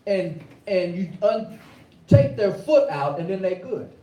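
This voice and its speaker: A man's voice: high-pitched, lively intonation, unhurried, mellow, roomy sound, distant mic, poor audio. A man preaching a sermon in a rhythmic, colloquial way, repeating phrases as he builds his points.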